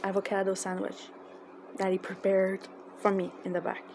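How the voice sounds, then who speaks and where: A woman with a tells an emotional personal story in a halting, casual way, with many fillers and restarts. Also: mid-range voice, monotone, darkish tone. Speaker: fan telling a personal story. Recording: noisy background.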